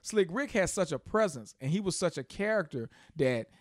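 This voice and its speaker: A man's voice: sits high, very animated, moderate pace, no echo, clean studio sound. A man co-hosting a casual hip-hop podcast, making his points with lots of "you know" and "exactly.". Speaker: podcast co-host.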